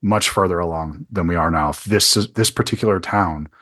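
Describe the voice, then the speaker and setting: Male podcast host, earnest, thinks out loud and restarts sentences, lowish voice. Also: a little fast. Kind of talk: casual interview conversation.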